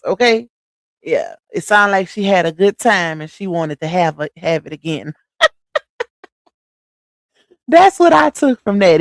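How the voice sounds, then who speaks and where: A woman's voice: fairly low pitch, dry recording. Slangy woman live-streaming, dry close sound. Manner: animated, preachy, slangy and familiar with viewers. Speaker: livestream host. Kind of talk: casual live-stream chat.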